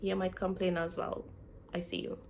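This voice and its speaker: Chatty woman with a gravelly voice. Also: lowish voice, level tone, moderate pace, darkish tone, slight background noise. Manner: chatty, talks straight to viewers as "y'all". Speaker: vlogger. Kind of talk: casual chat.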